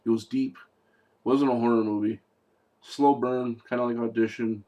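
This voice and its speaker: A man's voice: medium pitch, steady tone, normal speed, dark tone. A man giving a casual spoken movie review, sarcastic and exasperated, rambling with fillers and restarts.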